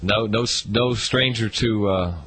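A man's voice: on the low side, a little slow, fairly bright tone, rough recording. A man hosting a talk radio show, chatty and often stumbling over his words.

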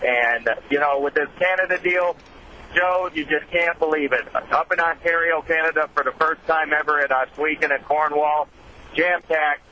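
A man calling in to a radio show from a racing series, giving a brisk, upbeat rundown of dates and events. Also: fairly high pitch, steady tone, pushed and bright, slight background noise, rough recording. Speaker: caller, racing series official. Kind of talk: call-in update.

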